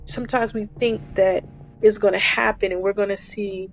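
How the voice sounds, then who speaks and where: A woman's voice: mid-range voice, fairly even intonation, normal speed. A woman hosting a devotional podcast, speaking earnestly and repeating her phrases for emphasis. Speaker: podcast host. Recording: dull lo-fi recording, faint music.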